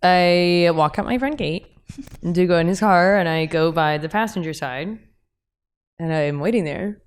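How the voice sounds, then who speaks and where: A young woman hosting a podcast, telling stories in a candid, animated way with laughs and asides. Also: lowish voice, unhurried, clean tone. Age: young adult. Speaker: podcast host. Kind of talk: casual podcast chat.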